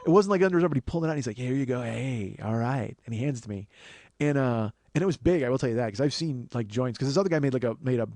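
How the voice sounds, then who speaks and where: On his podcast, a man tells rambling, profane comedy stories in quick anecdotes, performing the quoted lines himself. His mid-range voice has lively intonation and a darkish tone, with no audible room sound.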